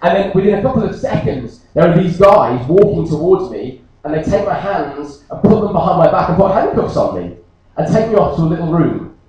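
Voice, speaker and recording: A man from Britain, a pastor, preaching a sermon and telling a personal story in a jokey, animated way. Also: fairly high pitch, fairly quick, lo-fi sound. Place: church. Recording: echoey church from a distance.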